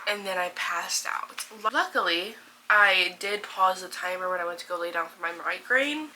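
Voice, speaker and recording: Young woman vlogging about books, bright voice, chatty and gushing, faint background hiss. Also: mid-range voice, poor audio. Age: 20s. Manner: chatty, gushing, many fillers. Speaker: book vlogger. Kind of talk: casual reading vlog.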